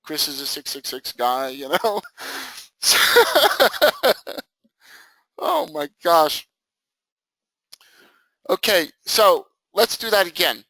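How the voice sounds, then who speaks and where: Male trading instructor, high bright voice, joking and animated, close dry mic. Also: drawn-out words, pauses often, dry recording, rough recording. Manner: animated, jokey, acts out students' reactions. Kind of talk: live screen-share training session.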